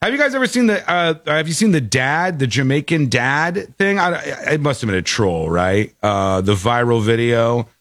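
A man hosting a talk radio show, reading listener emails aloud in a joking, animated way. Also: mid-range voice, moderate pace, hardly any pauses, no echo, clean studio sound. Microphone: studio microphone.

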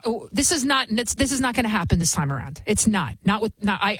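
A woman's voice: medium pitch, breathy edge, no room sound. A woman hosting a show, giving fervent, emphatic political commentary and often restarting her sentences. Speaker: talk show host.

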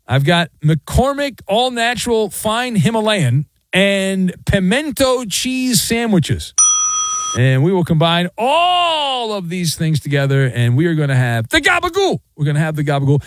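Animated, sarcastic sports radio man. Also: fairly high pitch, no echo. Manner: animated, playful riffing and sarcasm. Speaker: sports talk show host. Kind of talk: sports talk commentary.

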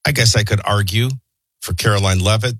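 A man's voice: fairly low pitch, brisk, fairly bright tone, no room sound. A man hosting a morning radio show, reading the news with opinionated, sardonic asides. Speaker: radio talk show host.

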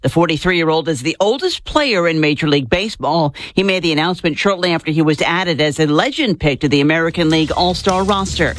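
Lady radio anchor reading headlines, steady, dry sound. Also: deep voice, fast talker, few pauses, no room sound. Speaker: news anchor. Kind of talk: scripted newscast.

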